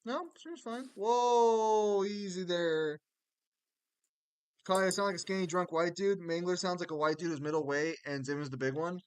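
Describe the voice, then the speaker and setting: A man hosting a casual stream, chatting loosely and swearing, with sudden animated outbursts. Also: sits high, moderate pace, clear, resonant tone, no room sound. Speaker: streamer host.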